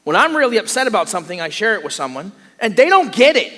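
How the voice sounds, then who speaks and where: Animated high-voiced preacher in echoing church. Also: male voice, fairly quick. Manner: animated, acts out voices of people he describes. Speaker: pastor. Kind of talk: sermon. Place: church sanctuary. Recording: long hall reverb.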